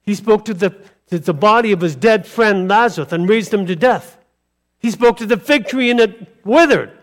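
A male pastor delivers a sermon with a high voice. He throws out rhetorical questions and calls for a response, pressing each point with emphasis. The delivery is lively and insistent. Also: moderate pace.

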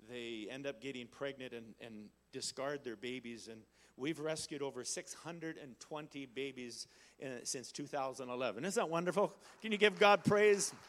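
A man in his sixties from Canada preaching a sermon in a folksy storytelling manner, building to loud exhortations. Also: mid-range voice. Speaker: guest preacher and missionary.

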